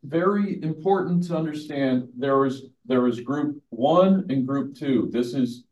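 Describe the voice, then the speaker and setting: Man, pastor, Bible teaching, conversational, mellow tone. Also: mid-range voice, unhurried, highs cut off. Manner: conversational, asks the audience questions, laughs at own jokes. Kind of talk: verse-by-verse teaching.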